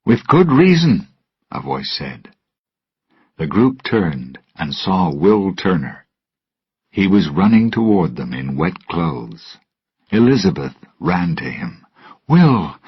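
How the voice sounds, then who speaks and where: A man narrating a storybook with a slow, careful reading manner, recorded dull and lo-fi. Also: very deep voice, lively intonation, slightly rough, dry recording. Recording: dull lo-fi, dry.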